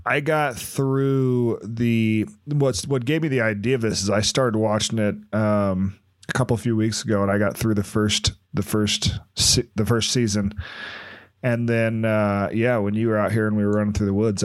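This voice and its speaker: A man's voice: on the low side, steady tone, normal speed, no room sound. A man chatting casually as a podcast co-host, laid-back and often trailing off and restarting. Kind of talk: casual chat.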